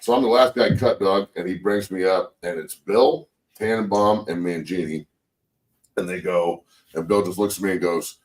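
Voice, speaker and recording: A man in his forties hosting a casual sports talk show, telling profane, animated football stories and acting out quotes. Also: low voice, moderate pace, distant mic, rough recording. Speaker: show host, former NFL lineman turned coach.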